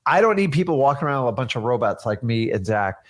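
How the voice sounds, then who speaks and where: A man's voice: mid-range voice, very animated, quick pace. A man co-hosting a casual talk, earnest and emphatic, with a preachy motivational manner.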